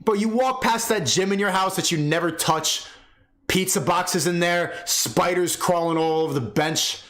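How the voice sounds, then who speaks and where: A man's voice: normal speed, fairly bright tone. A young man in his twenties, a streamer reacting to a video, trash-talking and mocking his rivals in a heated rant. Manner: mocking, trash-talking, mimics others in shrill voices.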